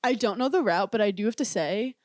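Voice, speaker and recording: A young woman co-hosting a podcast, chatting casually and telling animated, giggly stories full of "like". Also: mid-range voice, fairly quick, dry recording, clean studio sound. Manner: giggly, animated storytelling with frequent "like". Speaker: podcast co-host. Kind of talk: casual chat.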